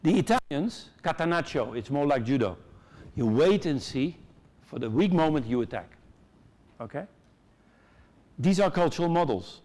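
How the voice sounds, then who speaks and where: Dutch guy on stage, fairly high voice, jokey and lively, acts out little quotes. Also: normal speed, long pauses. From Netherlands. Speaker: conference speaker. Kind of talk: conference keynote talk. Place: large conference hall.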